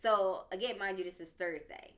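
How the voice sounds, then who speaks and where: A woman's voice: medium pitch, moderate pace. A young adult woman telling a personal story on a podcast, in a casual, dramatic, slangy way. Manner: animated and dramatic, slangy, lots of "like". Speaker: podcast speaker.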